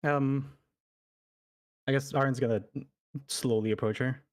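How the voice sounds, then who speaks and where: A man's voice: mid-range voice, fairly even intonation, a little slow. A man playing his character in a tabletop role-playing game. He talks hesitantly, with many fillers and restarts. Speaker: player.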